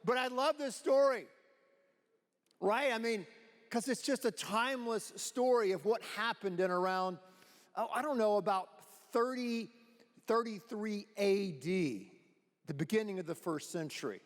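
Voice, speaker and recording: In a big church auditorium whose long reverb fills the recording, a pastor with an unhurried, high-sitting voice delivers a sermon involving live audience participation. Playful and conversational, he laughs readily while bringing a volunteer up.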